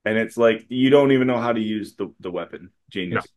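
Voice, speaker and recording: A man co-hosting a podcast in casual chat, animated, acting out scenes in quoted voices and laughing a lot. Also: on the low side, fairly quick. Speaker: podcast co-host.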